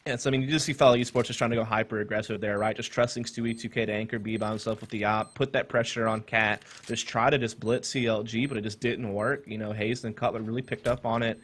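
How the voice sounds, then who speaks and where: A man casting a competitive shooter match, calmly breaking down team tactics and holding back his excitement. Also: on the low side. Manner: fast, analytical, holds back his excitement. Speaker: esports caster. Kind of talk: play-by-play game commentary.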